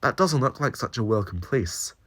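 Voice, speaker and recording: A man voicing a young Scottish companion with a thick Scottish accent, wary and quickly annoyed, pitching his voice up and speaking louder than his narration. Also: animated, slightly rough.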